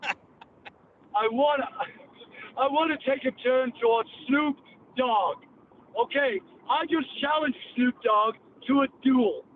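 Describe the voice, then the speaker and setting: A man's voice: very high voice, slow, long pauses. A male podcast host with a Cockney accent, rambling through a brash, profane monologue. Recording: tinny phone-like line, faint hiss.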